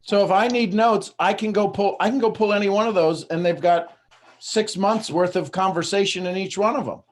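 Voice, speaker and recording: Guy hosting a group coaching call, kinda high voice, direct, lively. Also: moderate pace. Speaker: host of a live coaching call. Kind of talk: casual coaching talk.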